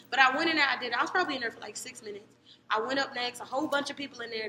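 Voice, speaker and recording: A young woman from Cleveland telling a story in casual podcast chat, animated, jumping between loud excited bursts and low murmurs. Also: rapid-fire. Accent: American, Cleveland. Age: young adult. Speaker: podcast co-host. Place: podcast studio. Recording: echoey room with long reverb, faint noise.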